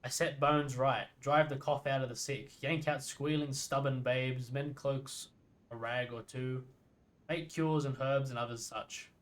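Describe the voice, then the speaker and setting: A man's voice: mid-range voice, steady tone, measured pace, natural voice, low-quality recording. A man reading out a sly grumpy old midwife. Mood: matter-of-fact. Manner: folksy archaic talk, reads lines aloud. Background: game music.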